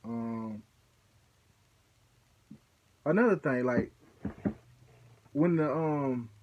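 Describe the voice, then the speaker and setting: A man's voice: medium pitch, extremely slow, dull audio, a little hiss or hum. A young man with a mid-range voice tells a personal story in a loose, conversational way. He rambles a little and keeps checking in with the listener as he goes. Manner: loose and conversational, peppered with "you know what I'm saying". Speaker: vlogger recounting a ceremony. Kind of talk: casual storytelling.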